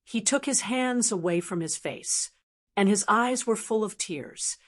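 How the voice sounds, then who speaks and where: An older woman narrating a family story in a calm, measured voice. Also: medium pitch.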